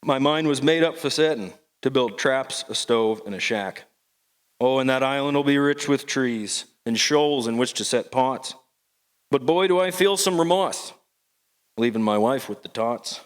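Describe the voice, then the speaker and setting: A man's voice: mid-range voice, measured pace, clear, resonant tone, close to an everyday voice. A man doing a wry old Maine fisherman hermit. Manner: folksy, rhyming yarn-spinning. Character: older male Maine fisherman hermit, wry and rough-spoken.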